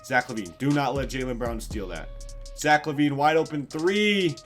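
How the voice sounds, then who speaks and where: A young man giving excited play-by-play commentary over a basketball video game, hyping big plays, sometimes yelling and casually swearing. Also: mid-range voice, normal speed, soft background music. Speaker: gaming YouTuber.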